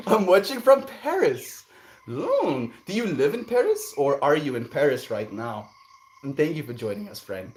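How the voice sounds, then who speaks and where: A man streaming live, reading viewer comments aloud and answering them in a relaxed, chuckling way, sometimes drifting into gentle musings. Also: mid-range voice, slight background noise. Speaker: livestreamer reading chat. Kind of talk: casual livestream chat.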